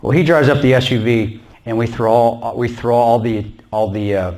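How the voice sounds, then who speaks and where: A man's voice: mid-range voice, fairly even intonation, moderate pace, a little mellow. A man telling a combat story to a church audience in a blunt, plain-spoken way. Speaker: guest speaker recounting combat. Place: small church.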